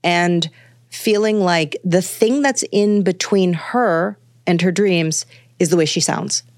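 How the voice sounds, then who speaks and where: A woman's voice: lowish voice, slow pace, dry recording, clean studio sound. A woman author talking at length about how voices sound, thoughtful and searching, full of fillers and restarts. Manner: thoughtful, exploratory, many fillers. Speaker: guest author on voice. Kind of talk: conversational podcast interview.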